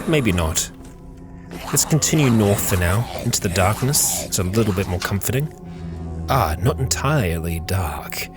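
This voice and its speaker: A man narrating a game playthrough as host, talking calmly and musing aloud to his character. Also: lowish voice. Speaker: let's play host.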